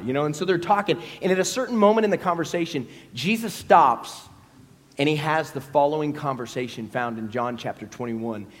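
A man, a pastor preaching a storytelling sermon and acting out scenes in character voices. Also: mid-range voice. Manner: animated, acts out scenes in voices. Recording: long hall reverb.

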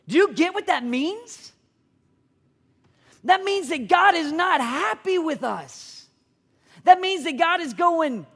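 Man, 30s, pastor, emphatic sermon, lively pitch. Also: unhurried. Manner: animated, emphatic preaching with acted-out quotes.

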